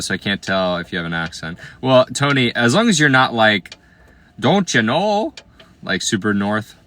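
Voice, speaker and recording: A man in his twenties from Iowa, chatting casually on a livestream while reading viewer comments, playful and slangy, often trailing off into quiet asides. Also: lowish voice. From Iowa, USA. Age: 20s.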